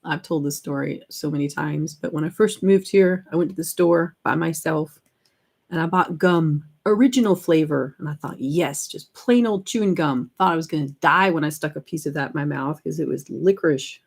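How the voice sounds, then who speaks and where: A woman chatting casually at home with her husband, playful and quick to laugh. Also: low-pitched, creaky, slightly rough. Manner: giggly, playful, teasing. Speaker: co-host, wife. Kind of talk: casual chat. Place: home in Denmark, indoors.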